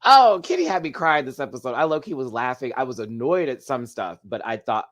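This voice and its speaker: A man's voice: mid-range voice, very animated, brisk, hardly any pauses, fairly bright tone. A man hosting a casual show recap, chatty and gossipy, laughing often as he talks. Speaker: host.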